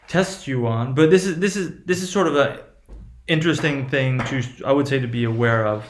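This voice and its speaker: A man teaching a lesson, halting and full of fillers, often checking with "right?". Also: mid-range voice, reverberant. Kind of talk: lecture.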